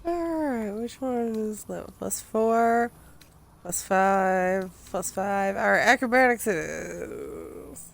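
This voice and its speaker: A woman's voice: mid-range voice, expressive, slow pace, creaky. A woman giving casual, giggly gameplay commentary, playful and swearing offhand. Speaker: gamer playing on a channel.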